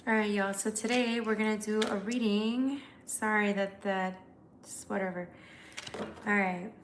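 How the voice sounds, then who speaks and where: A young woman at home chatting on a live stream, loose and profane, greeting viewers and answering their comments as they come in. Her voice sits at an ordinary middle pitch, with a faint hiss of noise behind it. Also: steady tone, unhurried. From United States. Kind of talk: casual live-stream chat.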